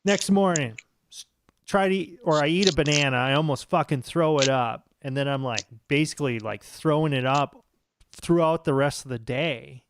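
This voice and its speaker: A man's voice: a little high, normal speed, slight background noise. An American man in his thirties co-hosting a podcast, telling rambling stories with lots of swearing. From United States. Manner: profane, rambling storyteller. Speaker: podcast co-host. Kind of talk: casual chat.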